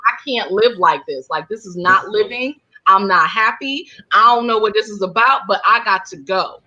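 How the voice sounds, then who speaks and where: A woman speaks as an interview guest in a bright, clear-edged voice. She talks casually and animatedly, full of fillers. The recording sounds slightly muffled and lo-fi. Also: medium pitch, moderate pace. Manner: animated, many fillers like "like" and "you know". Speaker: guest, holistic healer and counselor. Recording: dull lo-fi sound.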